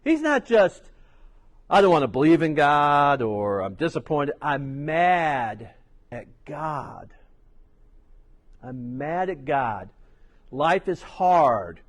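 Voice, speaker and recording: Storytelling middle-aged male pastor. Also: a little high. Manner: storytelling, conversational asides. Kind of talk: sermon.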